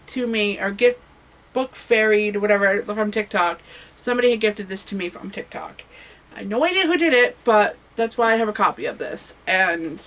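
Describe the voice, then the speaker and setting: A woman's voice: fairly high pitch, a bit bright, rough recording. A woman talking casually and eagerly about her reading list in a home vlog, with frequent fillers and self-corrections. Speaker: booktuber.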